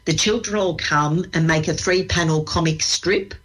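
A woman's voice: low voice, normal speed, a bit bright. An Australian woman who works at a library, chatting with enthusiasm in a radio interview and laughing easily. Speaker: library staff guest.

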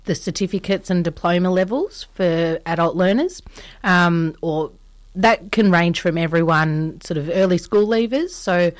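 A woman's voice: fairly low pitch, measured pace, dry recording. A woman answering interview questions in casual chat, explaining courses in a friendly way with lots of ums. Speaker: training provider guest.

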